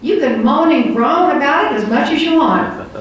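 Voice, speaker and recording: A woman's voice: sits high, expressive, normal speed. Older woman speaking in an echoey hall. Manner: storytelling, conversational, many fillers. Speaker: conference speaker. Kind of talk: conference talk. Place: conference hall. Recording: echoey hall from far off with faint room noise.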